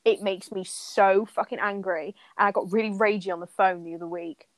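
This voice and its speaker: A woman co-hosting a casual chat, blunt and animated, swearing freely. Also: mid-range voice, brisk, no echo, low-quality recording.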